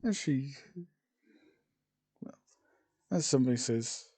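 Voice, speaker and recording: A man's voice: mid-range voice, expressive, takes it slowly, mellow. A man narrating an improvised fan story, rambling with frequent fillers and restarts. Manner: rambling, full of "sort of" and "well".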